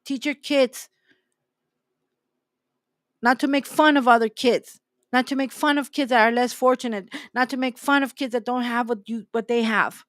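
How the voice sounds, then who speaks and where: A woman's voice: fairly high pitch, steady tone, normal speed, pauses often, dry recording, studio quality. A woman hosting a faith talk, preaching in an emphatic way and repeating her key phrases. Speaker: host.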